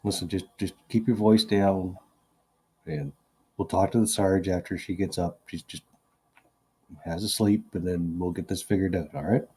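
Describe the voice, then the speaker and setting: Man voicing a gruff soldier, barking orders, low, husky. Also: steady tone, normal speed, dark tone. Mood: guarded. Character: gruff male soldier acting like a cop.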